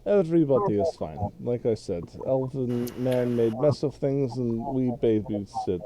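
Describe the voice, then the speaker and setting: A man voicing a gruff, blunt male dwarf warrior with a put-on Russian accent and clipped, broken phrasing. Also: mid-range voice, lively intonation, normal speed, crowd noise, lightly acted.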